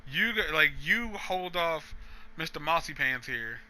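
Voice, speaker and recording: A man voicing a bossy young woman, giving rushed, profane commands in his own voice. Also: on the high side, lively intonation, pushed and bright, exaggerated voice.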